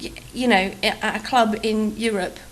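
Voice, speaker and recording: A British woman in her thirties talks in a loose, chatty way. She rambles with fillers and pokes fun at herself. Her voice sits at an everyday middle pitch. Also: steady tone, normal speed, a bit bright, a little hiss or hum, rough recording. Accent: British English. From England. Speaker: vlogger. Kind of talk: casual storytelling over a game build.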